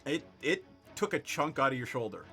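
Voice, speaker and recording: A man's voice: mid-range voice, sing-song, fairly quick, pushed and bright, faint music behind. A man running a tabletop game as game master, narrating the action and laughing easily with his players over an online voice chat microphone. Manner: easygoing, laughs often while narrating.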